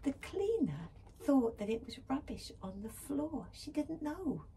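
A woman reading a picture book aloud to schoolchildren, gentle and expressive, often dropping to a whisper. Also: high voice, a little slow, slight background noise. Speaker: school librarian reading to pupils.

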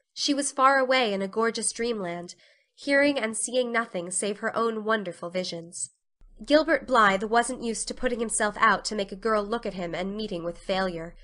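A woman reads a classic story aloud in a dramatic storybook style. Her voice is bright and forward and pitched a little high. She brings expressive life to the narration.

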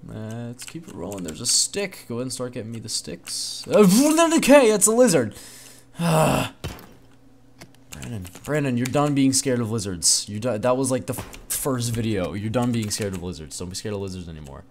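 A man records excitable let's-play commentary in a room at home at night. His voice swoops lively up and down as he exclaims and talks to himself, with faint keyboard typing behind him. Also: mid-range voice, normal speed, slight background noise. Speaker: gaming channel host.

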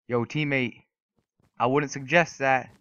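A young man giving casual, excitable gameplay commentary, trash-talking opponents and swearing often. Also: mid-range voice, a little slow, clean tone, dull audio. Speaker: gaming YouTuber. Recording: noisy recording with mouse and keyboard clicks.

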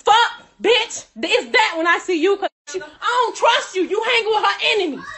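A woman's voice: very high-pitched, lively intonation, moderate pace, sharp tone. A woman delivering a heated, profane rant, cursing and laughing through her anger. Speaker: friend telling her side.

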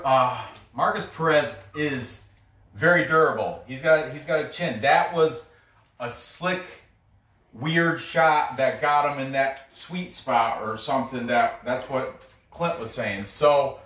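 A man's voice: mid-range voice, a bit bright, distant mic. A man hosting a fight-picks video, chatting casually and bragging a little, with frequent restarts. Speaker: MMA picks video host. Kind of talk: casual solo commentary. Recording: echoey room, somewhat off-mic.

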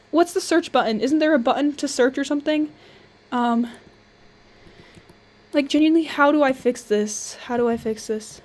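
A young woman giving casual, chatty commentary on her own gameplay, thinking aloud and quick to exclaim. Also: high-pitched, a little mellow. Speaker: gamer.

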